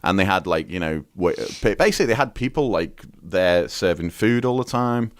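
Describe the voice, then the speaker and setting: A man's voice: sits low, expressive, normal speed, no echo, studio quality. A man from the UK chatting as a podcast guest, telling rambling stories full of fillers and restarts. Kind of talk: casual chat.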